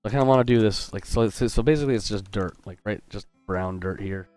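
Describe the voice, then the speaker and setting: A man's voice: lowish voice, fast talker, darkish tone, no room sound, faint music behind. A man hosting a live drawing stream as a game artist, chatty and upbeat, greeting viewers and joking as he sketches. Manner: joking and self-interrupting. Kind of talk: casual livestream chat while drawing.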